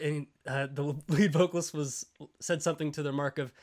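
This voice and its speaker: Young guy on a podcast, kinda high voice, rambles and laughs a lot. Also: fairly even intonation, a little fast, darkish tone. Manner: rambling storyteller, many fillers and laughs. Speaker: podcast co-host. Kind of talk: casual chat.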